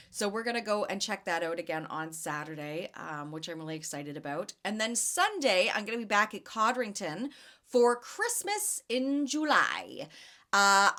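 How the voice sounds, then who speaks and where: A young woman hosts a casual podcast, her bright, forceful voice bouncing through chatty stories full of fillers. Her tone is lively and animated as she rambles about her week. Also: medium pitch. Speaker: podcast host and jam vendor. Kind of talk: casual chat.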